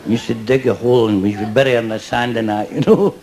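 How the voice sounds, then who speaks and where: A man's voice: medium pitch, steady tone, fast, crowd noise, poor audio. An older Scottish man doing a stand-up routine before a live audience, chatty and cheeky, laughing at his own jokes. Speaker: stand-up comedian.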